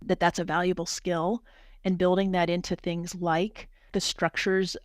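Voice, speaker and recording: A woman with a somewhat low voice talks quickly and earnestly as a guest on a podcast. She often restarts and repeats words as she goes. The sound is dry and close, with almost no room echo. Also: level tone. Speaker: hospital physician executive, guest. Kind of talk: podcast interview conversation.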